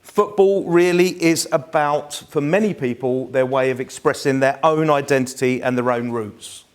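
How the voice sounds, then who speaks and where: A man's voice: mid-range voice, moderate pace. A man in his fifties with a South East London accent, giving a chatty, anecdote-filled live lecture to a room. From England. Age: 50s. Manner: chatty, anecdotal, self-deprecating.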